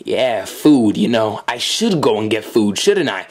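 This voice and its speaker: A man's voice: on the low side, sing-song, measured pace. A man voicing a crazed, menacing male survivor in a video game, reading his lines in a creepy, unstable way. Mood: unhinged.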